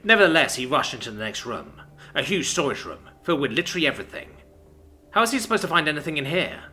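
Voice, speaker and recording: A man reading a story aloud in a dramatic, expressive narration. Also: on the high side, fast talker.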